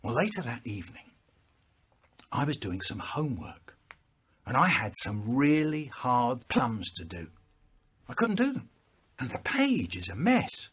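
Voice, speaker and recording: A man in his sixties telling stories in a chopped-up comedic remix, with an animated, exaggerated delivery. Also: mid-range voice, a little slow, slightly rough. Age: 60s. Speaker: storyteller. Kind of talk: spliced comedic storytelling remix.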